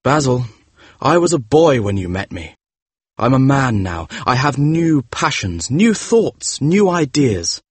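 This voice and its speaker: A man's voice: mid-range voice, very animated, slow, breathy edge, no echo, heavily acted. An actor playing a vain, secretive young man who is defensive and cold, in a dramatized audiobook. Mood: defiant. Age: young adult. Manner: defiant and emotional.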